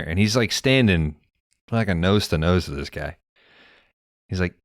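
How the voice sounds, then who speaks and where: Man, deep voice, casual podcast host, movie recap, dry recording. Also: animated, moderate pace, pauses often, no room sound. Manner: retells scenes and reads film dialogue aloud.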